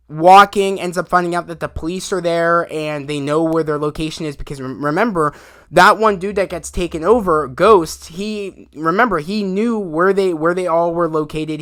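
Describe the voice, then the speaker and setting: Man, casual show recap, rambling and animated, bright forceful voice, slightly high pitch. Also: clear, resonant tone. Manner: rambling, animated retelling with many fillers and acted quotes. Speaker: video reviewer. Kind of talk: casual spoken episode recap.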